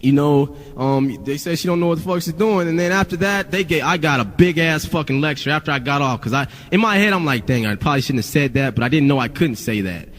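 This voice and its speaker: A man's voice: fairly high pitch, fairly quick, hardly any pauses, fairly bright tone. A male rapper telling a story in a casual, rambling, profane way, full of "you know". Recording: long reverb.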